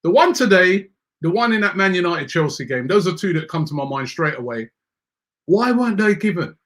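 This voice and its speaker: A man's voice: high voice, sing-song, a little fast, fairly bright tone. A man hosting a football fan show, reading out viewer comments and ranting with exasperation, often repeating words when worked up. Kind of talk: animated casual rant.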